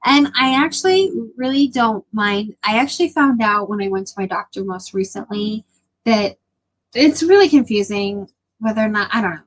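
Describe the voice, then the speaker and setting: A woman's voice: mid-range voice, expressive, normal speed, poor audio. A young adult woman chatting casually with her live stream viewers, rambling with lots of filler words.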